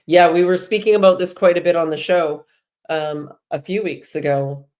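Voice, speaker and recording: A woman's voice: fairly low pitch, fairly even intonation, normal speed, a little mellow. A woman hosting a live spiritual energy show, talking casually and chattily to viewers and laughing often.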